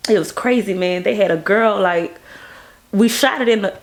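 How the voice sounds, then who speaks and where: Gravelly woman telling stories. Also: normal speed. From Baton Rouge, Louisiana. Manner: animated, acts out quoted people in a higher voice. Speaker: music video director. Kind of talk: casual interview storytelling.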